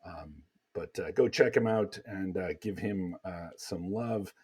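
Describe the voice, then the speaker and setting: A man's voice: sits low, measured pace, breathy edge. A man hosting a casual podcast chat, rambling along with lots of fillers. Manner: relaxed, rambling with many fillers. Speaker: podcast host.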